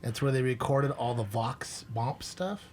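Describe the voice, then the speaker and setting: A middle-aged man hosting a podcast, telling stories in a loose, animated way and acting out the voices of people he quotes. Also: mid-range voice, moderate pace, a little hiss or hum. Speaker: podcast host. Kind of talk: boozy casual storytelling.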